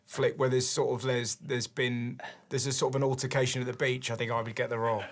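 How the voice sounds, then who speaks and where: A man hosting a comedy chat, giggling through quick banter and reading out questions. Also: medium pitch, flat delivery. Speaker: host. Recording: noisy recording.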